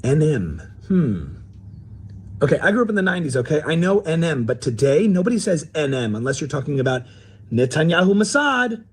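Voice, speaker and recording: Man putting on a paranoid woman commentator, husky, mock-serious, lively swooping pitch, a bit high. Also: brisk. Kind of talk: parody sketch.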